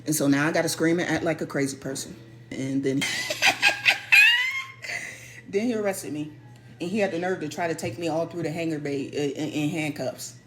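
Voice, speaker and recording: A woman telling a personal story in a casual, animated way, stressing and repeating her points. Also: low-pitched, a little fast, over loud music. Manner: animated, emphatic, repeats key phrases.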